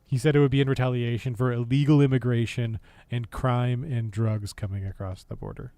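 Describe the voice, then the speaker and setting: An American man streams casual political commentary in a mellow, mid-range voice with fairly even intonation and no room sound. He's sarcastic and laughs often, and his speech halts with fillers and restarts.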